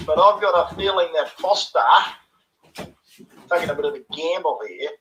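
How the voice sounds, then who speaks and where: A man's voice: fairly high pitch, a bit bright, slight background noise, rough recording. A man in his sixties from New Zealand, rambling through a rugby voice message and dropping "bloody" and "eh?" into nearly every line. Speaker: caller sending a voice message.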